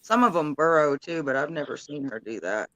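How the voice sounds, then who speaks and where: A woman's voice: sits low, expressive, fairly quick, a bit bright, no echo, rough recording. A woman in her late thirties, a guest in a casual chat, talking in a rambling, giggly way. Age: 30s.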